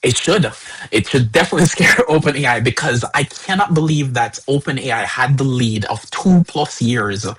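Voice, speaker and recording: A man hosting a live tech stream, talking casually and stammering with repeated words when excited. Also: mid-range voice, moderate pace, slight background noise, rough recording. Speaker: host.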